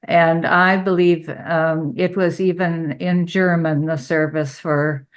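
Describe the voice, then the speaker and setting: Woman group member, very low voice, unhurried, halting and thoughtful. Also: level tone. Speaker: church study group member.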